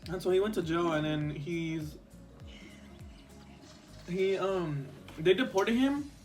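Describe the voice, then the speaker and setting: A man's voice: sits high, takes it slowly, darkish tone, faint music behind. A young man telling a storytime vlog story in casual chat, rambling with lots of fillers and a few Spanish words. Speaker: vlogger.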